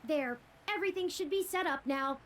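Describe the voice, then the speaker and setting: A woman voicing an earnest, curious robot companion in a video game, bright and wordy. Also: high voice, lively intonation, normal speed, very noisy. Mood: chipper.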